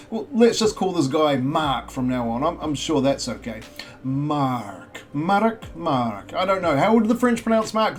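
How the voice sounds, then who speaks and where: Lively, high-pitched man explaining crypto. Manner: chatty, asks rhetorical questions, jokey self-mocking asides. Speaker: crypto channel host. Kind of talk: casual explainer narration.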